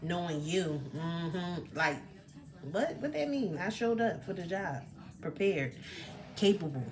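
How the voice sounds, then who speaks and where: Slow-talking woman, chatty vlog. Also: fairly low pitch, soft background music. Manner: chatty and expressive, with fillers, acts out quoted remarks. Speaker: personal development coach. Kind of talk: casual talk to camera.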